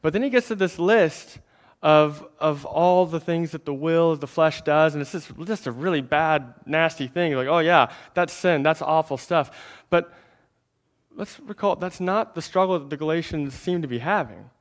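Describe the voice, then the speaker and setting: A pastor delivers a conversational sermon, addressing the congregation directly with a slightly high voice at a normal speed. He repeats words and shifts between emphatic lines and hushed ones.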